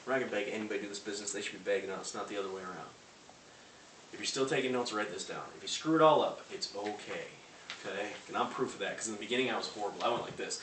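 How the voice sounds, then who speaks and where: A man giving a loud, punchy sales pep talk to a live audience, acting out phone calls. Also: lowish voice, racing. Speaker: motivational speaker. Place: large room before a live audience. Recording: echoey hall from far off, faint noise.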